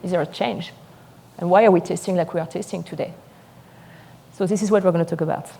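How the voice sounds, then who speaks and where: A woman from France with a French accent giving a live seminar lecture as a sommelier, talking fast and excitedly. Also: lowish voice, vocal fry.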